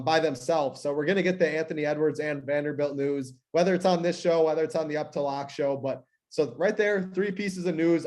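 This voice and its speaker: A man laying out injury news and strategy for fantasy basketball in a steady, matter-of-fact way. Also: a little high. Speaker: fantasy sports analyst. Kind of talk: sports analysis chat.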